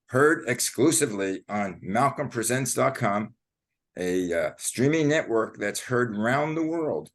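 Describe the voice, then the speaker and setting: A man hosting an interview show, speaking in a halting way with some stumbles. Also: mid-range voice, expressive. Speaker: show host. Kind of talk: casual interview.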